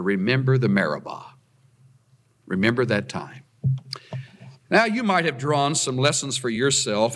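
A man's voice: fairly bright tone, in a large hall. A man preaching a sermon, reading scripture aloud and explaining it with emphatic rises on key phrases. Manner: emphatic, rising to high pitch on key phrases.

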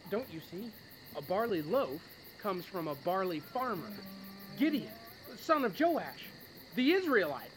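A man voicing a fearful male Midianite soldier who speaks in an alarmed, dramatic way in an animated Bible story. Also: high voice, a little slow, slight background noise, poor audio.

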